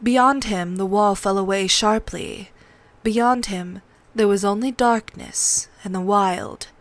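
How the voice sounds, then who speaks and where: Woman narrating a book read-along, steady and even, mid pitch. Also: takes it slowly, no room sound.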